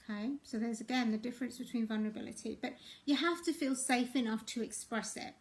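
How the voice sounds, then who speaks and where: A middle-aged woman, a relationship and life coach, talking viewers through feelings in a gentle, reassuring way that keeps checking in with them. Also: a little high, fairly even intonation, quick pace, few pauses.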